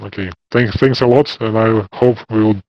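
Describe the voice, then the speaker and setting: Russian-accented man, low voice, dry muffled sound. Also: steady tone, moderate pace, no echo. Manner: hesitant, searching for words. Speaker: interviewer. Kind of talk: casual conversation.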